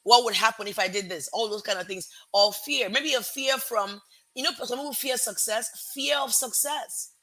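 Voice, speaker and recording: Bright, lively woman with Nigerian-American accent. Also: a little high, moderate pace. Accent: American-Nigerian mix. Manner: energetic, chatty, greets and thanks viewers, stops to correct her words. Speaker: host. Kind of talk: motivational live-stream talk.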